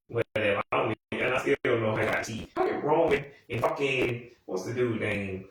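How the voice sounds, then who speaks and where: A man's voice: mid-range voice, fairly quick, few pauses, a bit bright, slight background noise. A young man ranting casually about a TV show, profane and rambling, with sudden exasperated outbursts. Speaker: TV commentator. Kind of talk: casual rant commentary. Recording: very echoey room, voice from far off the mic.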